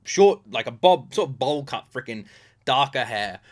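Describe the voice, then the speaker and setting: A British man in his thirties chatting casually as a music reaction host, openly emotional and excitable, full of fillers. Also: mid-range voice, moderate pace. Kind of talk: casual chat.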